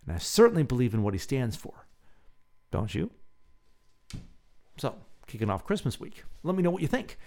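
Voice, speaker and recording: A man hosting his own podcast, reading a reflective essay aloud and then guiding listeners through a gentle breathing exercise. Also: mid-range voice, sing-song, moderate pace, pauses often. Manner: soft, gentle and reflective, hushed when counting breaths. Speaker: podcast host.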